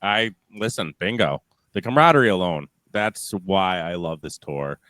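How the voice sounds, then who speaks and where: A man hosting a podcast, talking in casual, excitable banter with some swearing and teasing. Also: deep voice, moderate pace, dry recording. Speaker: podcast host. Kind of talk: casual chat.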